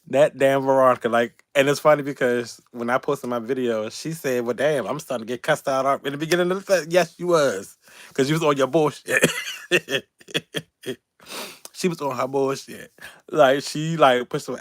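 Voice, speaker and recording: Man, animated storytelling, laughing and cussing, dry close sound. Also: mid-range voice, normal speed, no room sound. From Baltimore, Maryland. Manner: animated, laughing, profane, quoting others in raised voices. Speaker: YouTube channel host. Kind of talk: casual storytelling livestream.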